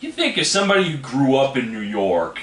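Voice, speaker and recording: His pitch is medium but swings hugely, his pace a little fast and his tone fairly bright as he hosts a casual trailer reaction. The man rambles and hedges with "you know what I mean," and the echoey room carries faint noise.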